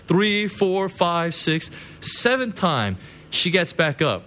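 A man's voice: sits high, sing-song, takes it slowly, fairly bright tone. A man preaching a conversational sermon as a pastor. He tells stories, laughs at his own jokes and keeps checking in with "right?" and "you know". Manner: chatty, constant "right?" and "you know" asides.

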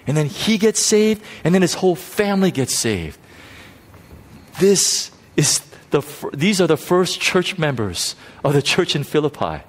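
A male pastor preaching a sermon in a church, animated and emphatic, often repeating himself as he builds to a point. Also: unhurried. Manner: animated preaching, rising to high pitch for emphasis, frequent repetitions.

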